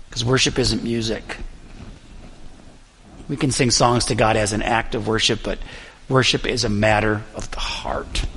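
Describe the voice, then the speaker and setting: A fairly young man preaching a sermon as pastor, telling a personal story earnestly with frequent pauses. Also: medium pitch, a bit bright, in a large hall, slight background noise. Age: young adult.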